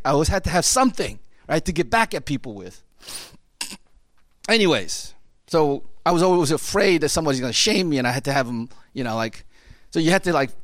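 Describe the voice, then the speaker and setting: A middle-aged man delivers a sermon in an animated, conversational style, tossing in "right?" over and over. His voice sits high and swings widely in pitch. The recording is dry and close, with no room sound. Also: dry recording. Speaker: pastor.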